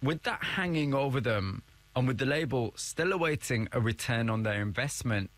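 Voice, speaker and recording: A man interviewing a guest with probing questions and narrating between them in a measured way. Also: medium pitch, lively intonation, a bit bright.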